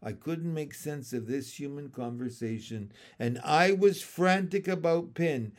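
A male narrator reads a storybook chapter aloud at an unhurried pace. His voice sits a little high and moves a great deal, giving each sentence an expressive lift.

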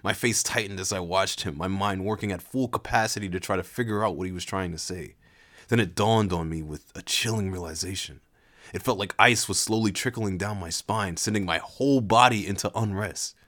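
Low-pitched guy reading a story out loud on his podcast, laid-back, chatty asides. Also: a little fast, no echo, clean studio sound. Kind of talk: casual read-aloud storytelling.

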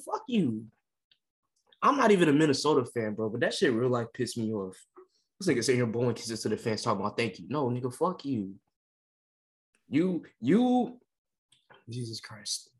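Man ranting heatedly with animated pitch. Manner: heated, scolding, swearing freely. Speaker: podcast co-host. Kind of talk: profane sports rant.

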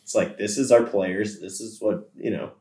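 A man's voice: fairly low pitch, steady tone, normal speed, darkish tone, recorded from a distance. A man hosting a casual podcast chat, teasing the others and chuckling through his banter. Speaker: podcast host. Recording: echoey room.

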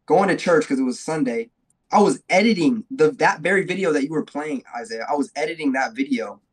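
A man's voice: a little high, animated, brisk, slightly rough. A man from New Mexico, a guest evangelist, telling his story in a loose, casual way with fillers. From Albuquerque, New Mexico, US.

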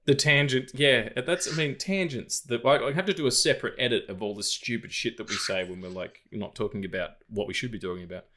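A man in his thirties co-hosts a loose film podcast, talking in a rambling way full of ums and restarts. His voice sits at an ordinary middle pitch for a man. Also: fast talker, few pauses, bright, forceful tone. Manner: rambling, many fillers and restarts. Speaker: podcast co-host. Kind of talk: casual film podcast chat.

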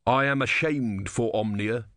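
A man's voice: mid-range voice, measured pace, a bit bright, no echo, clean studio sound, natural voice. Give me a zealous, scornful soldier, voiced by a man in an audiobook. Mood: fervent. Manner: fervent, scornful. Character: bitter, zealous young male soldier.

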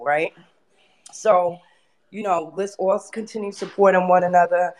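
Woman host, preachy and energetic, casual live-chat talk. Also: fairly low pitch, measured pace, long pauses. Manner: energetic, preachy, with frequent fillers and laughs.

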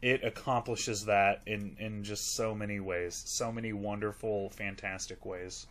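A man's voice: on the low side, fairly even intonation, measured pace, a bit bright. A man in casual podcast chat about a movie, rambling and gushing, full of fillers and swearing. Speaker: podcast co-host reviewing a movie.

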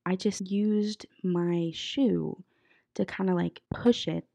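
Chatty young woman with a gravelly voice. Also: on the low side, fairly even intonation, slow, warm tone. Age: young adult. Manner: chatty, lots of "like" fillers. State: a bit sick. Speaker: podcast host. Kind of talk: casual chat. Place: college apartment bedroom.

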